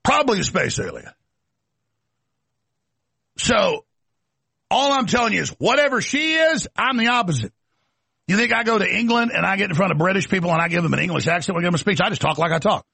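A man's voice: high-pitched, expressive, vocal fry, pushed and bright, husky, no room sound. A man hosting a talk show, delivering an emphatic, mocking ranting monologue. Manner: emphatic, rapid-fire, mocking.

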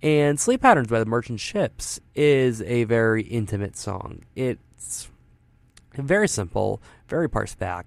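Low gravelly man musing earnestly. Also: dry recording. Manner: earnest, musing, trails off softly. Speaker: show host presenting songs. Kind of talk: casual reflective monologue.

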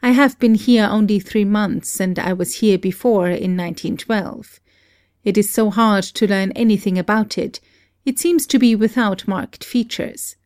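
A woman reading the dialogue of a reserved, earnest English male novelist in a polite, measured way. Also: medium pitch, a little mellow, dry recording, studio quality, lightly acted.

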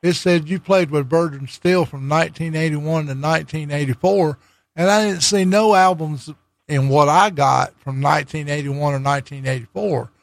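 A man's voice: a little high, moderate pace, vocal fry, dry recording. A man with a Southern US accent, a chatty radio DJ hosting a casual interview in an easygoing way. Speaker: radio DJ host.

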